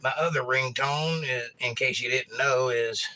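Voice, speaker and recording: A man hosting a relaxed livestream, reading out viewer comments in a laid-back, murmured way with quick bursts. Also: mid-range voice. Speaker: livestream host and singer-songwriter. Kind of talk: casual chat reading viewer comments aloud. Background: acoustic guitar playing.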